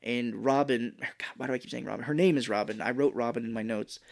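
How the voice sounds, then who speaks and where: This woman speaks quickly in an extremely low, creaky voice with a darkish tone. As a podcast co-host, she recaps a movie casually scene by scene, swears without holding back and acts out quotes.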